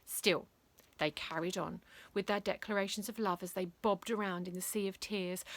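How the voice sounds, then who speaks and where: A woman reading a bedtime story aloud, playful and expressive, switching into character voices. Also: on the low side, slow pace, no room sound.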